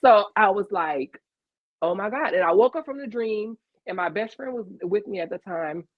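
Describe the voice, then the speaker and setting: A woman's voice: mid-range voice, moderate pace, no room sound. A woman with a Louisiana accent telling a story on a video call, acting out the dialogue. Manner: animated, acts out quoted dialogue. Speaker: interview guest. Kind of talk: casual storytelling. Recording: dull lo-fi video call audio.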